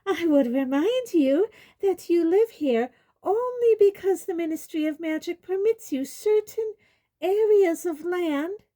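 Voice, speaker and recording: A woman voicing a shrill, pompous middle-aged woman official who shrieks in indignation. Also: lively intonation, measured pace, warm tone. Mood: haughty. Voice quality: shrill, prim, screeching.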